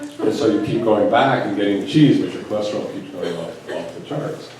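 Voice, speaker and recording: In a big, echoey event room, a spiritual teacher and physician from the United States addresses a live crowd, weaving stories full of quoted dialogue and rhetorical questions. His voice sits low and his pace is brisk. It's captured from afar, with faint background noise.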